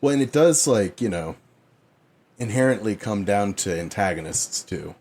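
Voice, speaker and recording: A podcast co-host making playful, lively interjections in casual chat. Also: low voice, normal speed.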